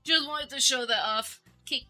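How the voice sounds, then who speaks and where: Giggly woman streamer, high voice, super bright sharp tone, soft music behind. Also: normal speed. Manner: bubbly and giggly, chatting to viewers. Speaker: VTuber streamer. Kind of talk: casual livestream chat. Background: faint background music.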